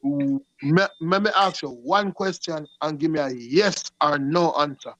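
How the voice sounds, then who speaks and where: A man's voice: fairly high pitch, measured pace, fairly bright tone. A man with a Jamaican accent calling in, insistently repeating his questions. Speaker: caller. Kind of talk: heated call-in argument. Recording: muffled phone call.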